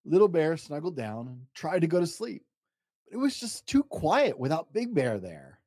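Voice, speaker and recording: A man reading a bedtime picture book aloud, his pitch swooping up and down with drawn-out dramatic pauses. He is miked close and the sound is dry. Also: sing-song, darkish tone, no room sound. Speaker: storytime podcast host and reader. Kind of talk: bedtime story read-aloud.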